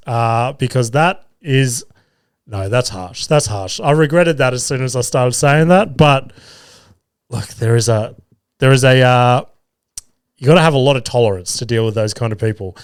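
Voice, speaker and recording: An Australian man in his thirties rambles through an everyday story on his podcast, swearing freely and joking at his own expense. His voice sits at an ordinary middle pitch and is recorded close and dry, with no room sound. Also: normal speed, smooth, dry recording. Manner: rambling, swears freely, self-deprecating humour. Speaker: podcast host. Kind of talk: casual storytelling monologue.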